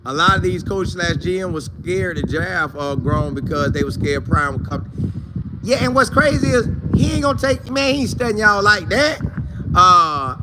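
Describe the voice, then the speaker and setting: A man hosting a casual sports talk show, animated and playful, acting out quoted coaches and players in different voices. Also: high voice, normal speed, heavy background noise.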